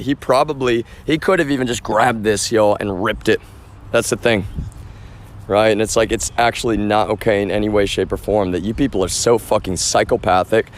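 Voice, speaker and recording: A man livestreaming outdoors on a street, talking in an agitated, rambling rant full of swearing and asides to viewers. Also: medium pitch. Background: traffic.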